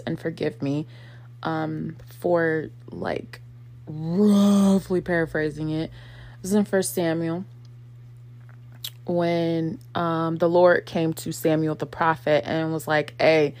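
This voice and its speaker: A woman in her thirties with a low, slightly mellow voice talks casually and reflectively in a personal vlog. Her conversational speech is full of fillers, and she acts out quotes.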